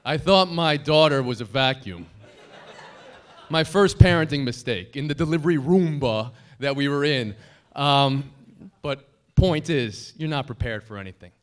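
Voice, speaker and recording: A man in his thirties speaks at a banquet podium, trading self-deprecating jokes for a room of colleagues. His pitch sits in an ordinary middle range. Between laughs he turns sincere and grateful. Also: animated, a little slow, clean tone. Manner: joking, self-deprecating storyteller; heartfelt, grateful tribute. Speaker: broadcaster giving a dinner speech. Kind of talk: anniversary dinner speech. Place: banquet hall dinner.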